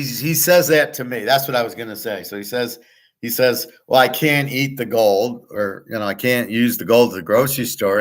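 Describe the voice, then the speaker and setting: A man's voice: mid-range voice, a bit bright. Blunt, profane man ranting. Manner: tells stories by acting out both sides. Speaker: sports handicapper and show host. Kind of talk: unscripted ranting monologue.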